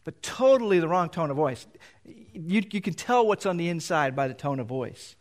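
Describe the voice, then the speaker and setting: A middle-aged pastor preaching in a church, reading scripture aloud and explaining it in a loose, conversational way. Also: male voice, fairly high pitch, animated, normal speed. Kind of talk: sermon. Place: church sanctuary.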